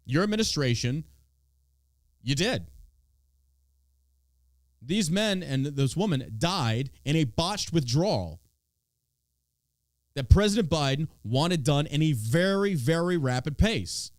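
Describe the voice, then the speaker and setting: A man's voice: a little high, animated, slow, pauses often, no echo, clean studio sound. A man hosting a podcast, ranting casually about politics in a profane, sarcastic way. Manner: profane, sarcastic, swinging between loud and mocking. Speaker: podcast host.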